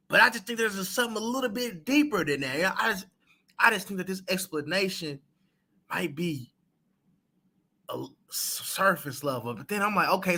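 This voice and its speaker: A man gives casual reaction commentary in a bright, slightly high voice. He muses aloud in a thoughtful, speculative way and uses relaxed slang. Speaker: reaction streamer.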